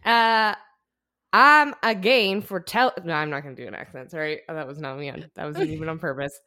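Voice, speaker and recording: A woman's voice: low-pitched, animated, fast, a bit bright. A woman hosting a podcast, telling a story in casual chat and laughing often. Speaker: podcast host.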